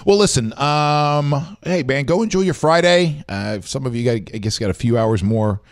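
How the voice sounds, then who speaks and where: A man's voice: medium pitch, expressive, normal speed. A man hosting a live-streamed show, chatting loosely and joking with viewers. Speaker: show host. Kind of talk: casual live-stream chat.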